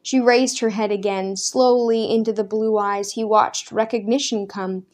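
A woman reading a story aloud in a measured, even narration. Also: mid-range voice. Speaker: audiobook narrator. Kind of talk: scripted narration.

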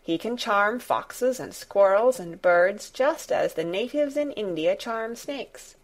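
A woman's voice: medium pitch, animated, slow. A woman voicing a young girl who speaks in a direct, matter-of-fact way. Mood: earnest. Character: plain-spoken young girl, blunt and curious.

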